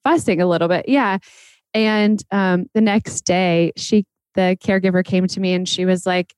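A woman's voice: lowish voice, fairly even intonation, moderate pace, darkish tone, clear, resonant tone, dry recording. A woman host in casual podcast conversation, reflecting on parenting with many fillers.

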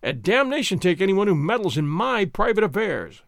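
A man's voice: high voice, big pitch swings, moderate pace, gravelly, no room sound, studio quality, exaggerated voice. A man voicing an irritable young teacher who speaks curtly and sulkily. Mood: angry. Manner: curt, sulky.

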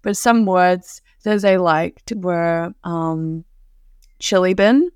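A woman's voice: lowish voice, slow pace, a little mellow, clean tone, no echo, clean studio sound. A young woman with a New Zealand accent, a guest telling hiking stories in casual chat. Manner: chatty storyteller, laughs often.

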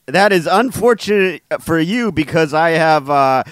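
A man co-hosts a word podcast in relaxed chat. He speaks slowly in a fairly high voice, trading goofy puns and laughing at them. The recording is close and dry. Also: clean tone, no room sound. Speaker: podcast co-host. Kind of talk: casual chat.

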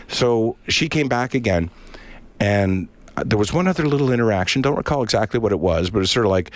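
A middle-aged man from Canada, with a voice pitched a little low, spins a long personal anecdote in relaxed chat. He slips into the voices of the people in his story as he tells it. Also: brisk, no room sound. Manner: animated anecdote with acted-out voices.

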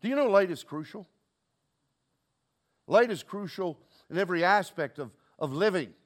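A man's voice: sits high, animated, normal speed. A man preaching a sermon to his congregation, asking rhetorical questions and calling for responses. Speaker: pastor.

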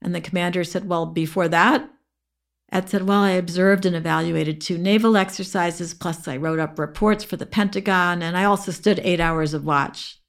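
Woman host reading a story, lowish voice. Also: steady tone, normal speed, few pauses. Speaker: podcast host.

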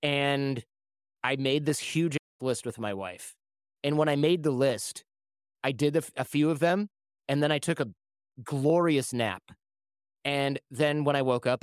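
A man's voice: mid-range voice, moderate pace, dry recording, clean studio sound. A podcast host telling a story in a casual way, acting out the quoted voices of other people as he goes. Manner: animated, acts out quoted voices.

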